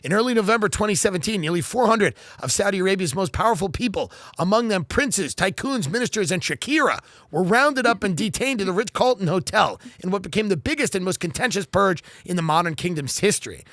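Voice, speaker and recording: A man's voice: high voice, lively intonation, a little fast, few pauses, a bit bright, no echo. A man hosting a podcast, reading news aloud and riffing on it with sarcastic, mock-earnest comedy. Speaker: podcast host.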